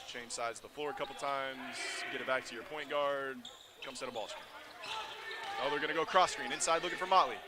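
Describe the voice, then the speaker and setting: Man calling basketball play-by-play over loud gym noise. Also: mid-range voice. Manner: rapid calls that rise to shouts on big plays. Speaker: play-by-play commentator.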